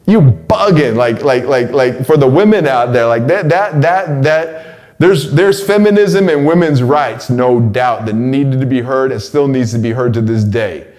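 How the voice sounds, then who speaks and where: A man in his forties giving a casual spoken monologue, slangy and stumbling over repeated words, his voice climbing when he gets excited. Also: medium pitch, measured pace. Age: 40s. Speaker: host delivering a weekly message.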